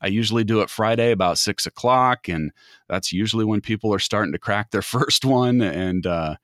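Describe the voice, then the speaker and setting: A man's voice: lowish voice, normal speed, fairly bright tone, dry recording, studio quality. A man from the American Midwest chatting casually as a podcast guest, rambling and often restarting his words. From Midwest United States. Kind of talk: casual chat.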